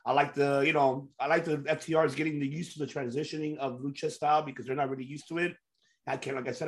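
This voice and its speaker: A man hosting a casual wrestling podcast, excitable and swearing freely, laughing often. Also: mid-range voice. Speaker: podcast host.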